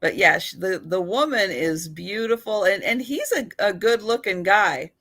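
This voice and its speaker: A woman's voice: mid-range voice, lively intonation, normal speed, a bit bright. A woman hosting a live online sale, chatty and giggly, laughing between her remarks. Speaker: host of an online photo sale. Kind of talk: live-stream sale chat.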